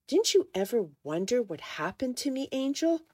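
A woman voicing a troubled, resentful grown man in a halting, strained way while reading a novel aloud. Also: on the low side, expressive, dark tone, dry recording, studio quality. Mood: pleading.

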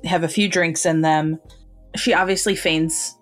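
A woman with a fairly low voice chats through a book's plot in an easy podcast style. She pops up into brighter, higher tones whenever she quotes a character. Faint music sits under the talk. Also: expressive, moderate pace. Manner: retells scenes, quoting characters in livelier raised tones. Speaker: podcast co-host. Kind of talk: casual book review chat.

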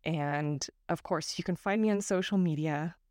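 In a deep, darkish voice at a moderate pace, a woman from Northern California hosts her podcast with a reflective solo monologue. She speaks into a close microphone, digressing and teasing herself, with no echo around her.

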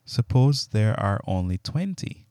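Guy reading a humble old patriarch begging politely, low mellow tone. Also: sing-song, unhurried, no room sound, clean studio sound. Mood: pleading. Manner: pleading, respectful.

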